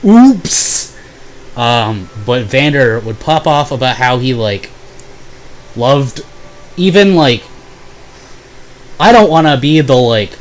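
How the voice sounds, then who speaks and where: A young man casually telling a profane, sarcastic story about old roommates, mocking them in quick voices. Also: medium pitch, poor audio. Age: young adult. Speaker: vlogger.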